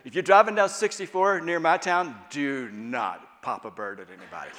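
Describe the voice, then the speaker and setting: A man preaching a sermon at a conference, animated, moving between loud emphatic passages and hushed, quiet ones. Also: a little high, normal speed. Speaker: guest speaker. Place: church hall at a conference. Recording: long reverb of a large hall.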